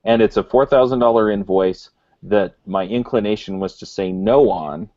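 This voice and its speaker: A man's voice: lowish voice, moderate pace, dark tone. A man co-hosting a podcast, explaining a grievance in casual chat. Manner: aggrieved, explaining himself. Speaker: podcast co-host. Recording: dull lo-fi sound.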